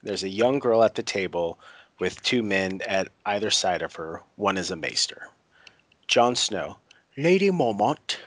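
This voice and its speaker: A man's voice: sits low, measured pace, a bit bright, no echo. A man casually recapping a TV episode, reading out the characters' lines and laughing at his own attempts at voices. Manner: tries voices, laughs at himself. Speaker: podcast co-host recapping a TV episode.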